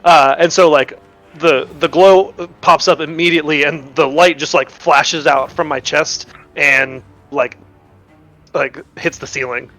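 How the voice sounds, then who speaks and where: A man's voice: fairly high pitch, fairly even intonation, unhurried, a bit bright. Man, tabletop player, rambling, restarts, faint background music. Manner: rambling, restarts and laughs while narrating his character. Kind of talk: playing a tabletop game.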